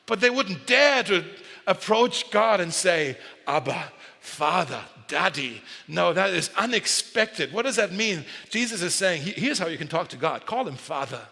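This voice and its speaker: A man's voice: sits high, animated, normal speed, gravelly, pushed and bright. A man preaching a sermon in a casual, joking way, often correcting himself mid-sentence. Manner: conversational and joking, with self-corrections. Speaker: pastor. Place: large church hall. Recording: long hall reverb.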